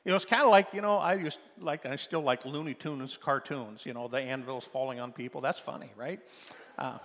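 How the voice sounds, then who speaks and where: A man preaching a sermon, animated and emphatic, his voice climbing to loud peaks. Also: medium pitch, a little fast, long reverb tail.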